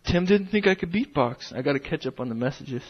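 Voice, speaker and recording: A man's voice: fairly high pitch, lively intonation, fairly quick, husky. A young man hosting a livestream, chatting casually and telling rambling, profane stories, with dull lo-fi audio. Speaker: livestream host.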